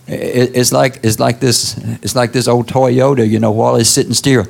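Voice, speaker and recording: A man preaching a sermon in a conversational style, prodding listeners with "huh?" and leaping up high for emphasis. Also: level tone, normal speed, gravelly, a little mellow. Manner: conversational preaching with call-outs like "Huh?" and sudden high exclamations. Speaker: pastor.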